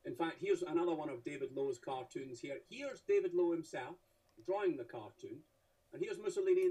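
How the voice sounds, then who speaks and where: A man gives a humorous illustrated talk, full of wry, theatrical asides to his listeners. His voice sits a little high for a man, mellow and slightly husky. He is picked up from some distance away from the mic. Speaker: speaker presenting cartoons to an audience.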